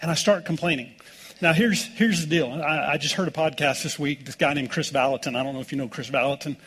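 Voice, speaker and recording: A man's voice: on the high side, quick pace, fairly bright tone, breathy edge. A middle-aged American man preaching a sermon as pastor, telling folksy stories with jokes. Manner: folksy, joking storytelling with laughs.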